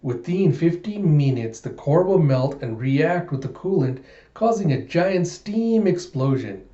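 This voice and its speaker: Slow, measured robot voice, from a man reading a comic aloud; echoey, muffled room. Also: fairly high pitch, big pitch swings, dark tone. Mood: calm. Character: flat, slow male robot on a train.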